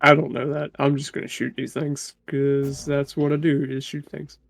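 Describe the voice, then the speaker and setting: A man's voice: fairly high pitch, completely flat delivery, normal speed, gravelly. A man playing a tabletop game, talking through his rolls in a matter-of-fact, casual way. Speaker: player.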